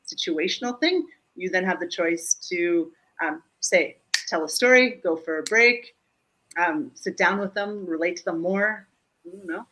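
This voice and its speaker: A woman from Germany, a speaking coach, talking in a live online interview in an animated, joking way, often checking in with "Yeah?". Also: fairly low pitch, rough recording. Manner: animated, joking, quick asides. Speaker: guest speaker and humor coach. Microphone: video call.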